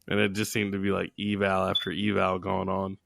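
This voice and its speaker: Low, gravelly man chatting easily. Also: completely flat delivery, a little fast, fairly bright tone, no echo. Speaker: podcast co-host. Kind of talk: casual chat.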